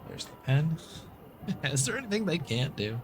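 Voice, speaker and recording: A man's voice: on the high side, sing-song, normal speed, slight background noise. An American man streaming a story game, reading its narration aloud with casual, chatty asides and thanking viewers.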